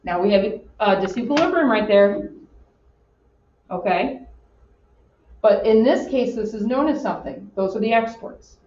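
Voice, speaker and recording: A woman teaching an economics class in an animated, joking way, acting out her examples. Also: fairly high pitch, measured pace, long pauses, slight background noise. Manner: animated, jokey, acts out examples. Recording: roomy, distant, dull classroom audio.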